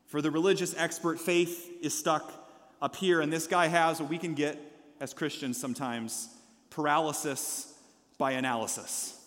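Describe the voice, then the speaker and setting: A male pastor preaching a sermon, energetically leading the congregation in call-and-response and dropping into quiet asides. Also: a little high, in a large hall. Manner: shifts between loud exhortation and quiet asides. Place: church sanctuary.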